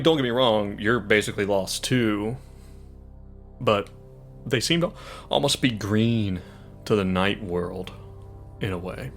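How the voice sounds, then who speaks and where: A man narrating a tabletop game as game master, describing scenes in an animated way. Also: fairly low pitch.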